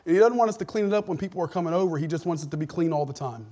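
A middle-aged man preaching a sermon, telling a story, then building to loud, emphatic points. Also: a little high, rapid-fire. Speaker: pastor.

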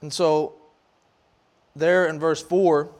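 Speaking slowly with a fairly high pitch, this man preaches as a youth leader in a relaxed, chatty style. He animatedly mimics scoffers, and his delivery wanders with fillers and false starts.

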